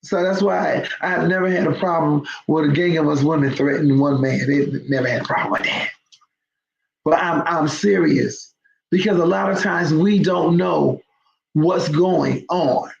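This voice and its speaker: A woman's voice: sits low, normal speed, gravelly. A woman hosting her show, telling a story to viewers in an emphatic, conversational way. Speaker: host. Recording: roomy, dull lo-fi sound.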